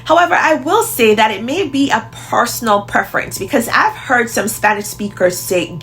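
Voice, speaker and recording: Jamaican woman teaching in a clear, raised voice. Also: a little high, animated, a bit bright, slight background noise. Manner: clear and explanatory, slowing down to model example phrases. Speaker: Spanish teacher and video host. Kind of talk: instructional video talk.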